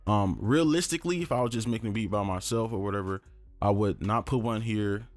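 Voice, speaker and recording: Speaking a little fast at a fairly low pitch, a young man loosely explains beat making in a screen-recorded tutorial. He keeps it relaxed and chatty, dropping fillers such as "um" and "right?", with faint music behind him.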